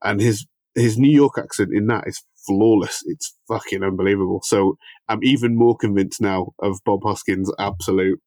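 A man's voice: on the low side, fairly even intonation, normal speed, warm tone, no room sound. A man co-hosting a casual film podcast, talking through scenes and performances in detail. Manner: analytical, enthusiastic about film details. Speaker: podcast co-host.

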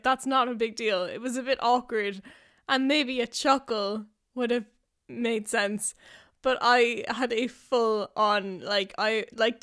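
A young woman hosting a podcast, rambling and giggly as she tells stories in a casual solo chat. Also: fairly high pitch. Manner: giggly, rambling, animated storytelling. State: out of breath. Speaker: podcast host. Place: house in the countryside.

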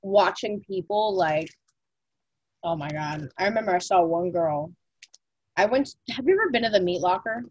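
A woman's voice: on the low side, expressive, normal speed, slightly rough, highs cut off. A young woman co-hosting a podcast in casual chat, talking loosely with lots of "like" fillers and casual swearing. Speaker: podcast co-host.

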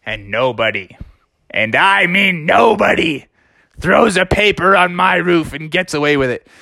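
A man voicing an angry male homeowner in a made-up story, blustering and shouting. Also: high-pitched, animated, measured pace, vocal fry, no echo, heavily acted.

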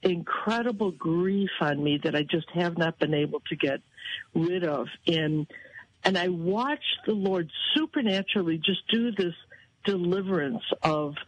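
A woman tells stories in a lively, animated way on a radio broadcast. Her pitch leaps up whenever she quotes other people, then settles back into easy chat. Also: a little slow, dry recording, muffled recording. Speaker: guest. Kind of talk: casual chat.

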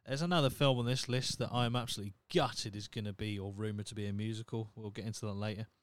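A man's voice: lowish voice, steady tone, fast talker. Blunt, sweary male podcast host. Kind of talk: casual solo podcast rant.

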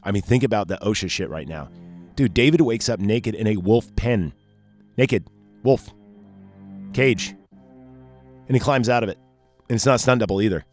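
A man's voice: on the low side, lively intonation, quick pace, faint music behind. A man hosting a podcast, talking casually and profanely about a movie, rambling and interrupting himself. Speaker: podcast host.

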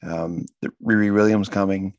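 A man's voice: deep voice, fairly even intonation, moderate pace, a little mellow, dry recording. A man co-hosting a casual comic-book podcast, talking in rambling bursts with many restarts. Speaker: podcast co-host.

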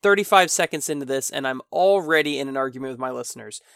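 Gravelly tipsy podcast host, rambling rant. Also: male voice, medium pitch, fast talker, fairly bright tone, no echo, studio quality. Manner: rambling, exasperated ranting with self-interruptions. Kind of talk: casual solo podcast chat.

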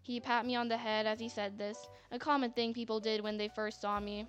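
A woman's voice: on the high side, level tone, a little fast. A woman narrating a story in a chatty manner, with sarcastic asides. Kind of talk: scripted narration. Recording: faint music bed.

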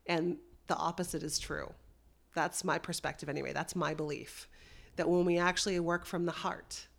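A woman's voice: low-pitched, steady tone, normal speed, creaky. A woman hosting a podcast, speaking in an encouraging, heartfelt and earnest way. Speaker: podcast host. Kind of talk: interview conversation.

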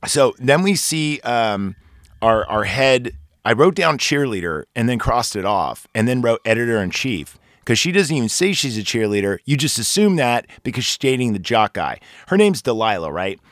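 A man's voice: medium pitch, sing-song, normal speed, fairly bright tone, dry recording, studio quality. A man hosting a casual podcast, recapping a film in a rambling way with crude jokes and lots of fillers. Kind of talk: casual chat.

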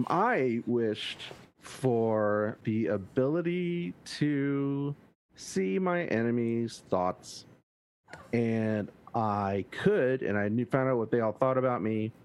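A man playing a tabletop game over a video call, joking in a deadpan way. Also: mid-range voice, takes it slowly, clear, resonant tone. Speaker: player.

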